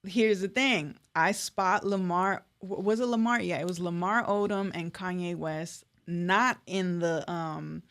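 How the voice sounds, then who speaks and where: A woman's voice: lowish voice, unhurried, hardly any pauses. A young woman from Los Angeles, a guest artist telling stories in a casual interview, acting out quotes and laughing often. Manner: animated storyteller who acts out quotes, laughs often.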